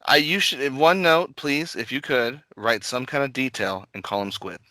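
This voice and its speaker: A man's voice: mid-range voice, normal speed, pushed and bright. A man hosting a podcast, joking and teasing his guest and laughing often. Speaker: podcast host. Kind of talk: casual podcast chat.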